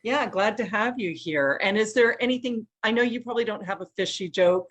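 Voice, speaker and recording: A woman's voice: mid-range voice, fairly quick. A woman hosting a podcast interview over a remote call, chatty, laughing often and making self-deprecating asides. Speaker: podcast host. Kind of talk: casual interview chat.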